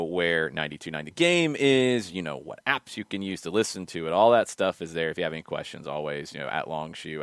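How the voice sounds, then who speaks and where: A man with a low, smooth voice hosts a casual soccer podcast. He rattles through promos and plans in a rambling, chatty way. His voice sounds close and dry on the mic. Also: fairly bright tone, no echo. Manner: fast, rambling promo talk. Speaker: podcast host.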